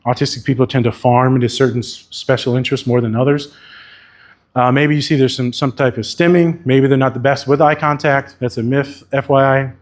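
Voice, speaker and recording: A man speaks at a conference keynote in a casual, candid way, swearing freely as he talks. His voice sits in an ordinary middle pitch. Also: steady tone, fairly quick. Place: conference venue.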